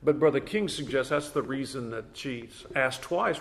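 A man's voice: mid-range voice, expressive, moderate pace, creaky. A man leading a Bible study class in a conversational way, asking the group questions.

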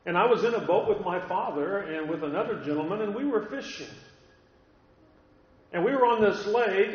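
California guy preaching, fairly high voice, big reverby hall, kinda dull lo-fi sound. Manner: earnest storytelling, emphatic repetition. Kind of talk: sermon.

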